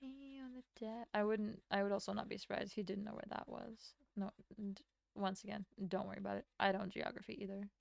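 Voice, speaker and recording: A young woman from Latvia, a streamer chatting casually with her chat while she draws, rambling and answering with quick laughs. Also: medium pitch, steady tone, gravelly, no room sound, clean studio sound. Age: young adult.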